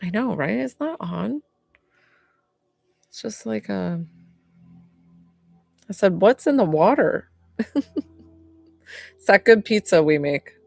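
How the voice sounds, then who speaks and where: A woman's voice: medium pitch, lively intonation, slow, gravelly, pauses often, darkish tone, no echo, faint music behind. A young woman from upstate New York, a medium chatting casually on a live stream, rambling and answering viewer comments.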